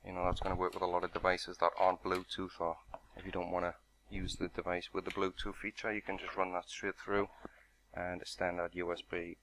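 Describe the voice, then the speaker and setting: A man's voice: sits low, completely flat delivery, fairly quick, fairly bright tone, slight background noise. A man narrating an unboxing and product walkthrough in a matter-of-fact, explanatory way. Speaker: product reviewer.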